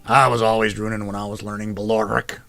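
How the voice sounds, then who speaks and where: A man's voice: on the low side, level tone, quick pace, gravelly, sharp tone, no echo, faint music behind. A man voicing a big, scarred male elf who patiently tutors his younger sister. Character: big scarred male elf, warm teasing older brother.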